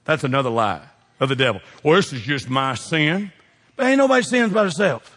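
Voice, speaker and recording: A husky, high-pitched man preaching to his congregation, emphatic and full of call-outs. His voice rings with the long reverb of a big church sanctuary. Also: expressive, brisk, fairly bright tone. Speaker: pastor. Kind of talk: sermon. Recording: long reverb of a large hall.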